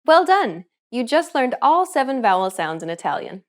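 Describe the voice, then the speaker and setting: A woman narrating a scripted pronunciation lesson as the teacher, clear and upbeat. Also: high-pitched, very animated, moderate pace.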